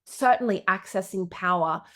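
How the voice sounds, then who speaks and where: A middle-aged woman, a coach telling stories on her podcast with lively, animated delivery. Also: moderate pace. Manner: lively, animated storytelling with big pitch jumps. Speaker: business coach. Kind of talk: storytelling podcast monologue.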